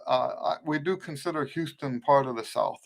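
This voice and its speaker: A man's voice: fairly high pitch, moderate pace, vocal fry. Middle-aged man, mixed Western Pennsylvania accent. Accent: mixed American, rooted in Western Pennsylvania. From eastern United States. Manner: rambling, often restarts and rewords sentences. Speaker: trumpet teacher and show host. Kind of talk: casual live Q&A lesson.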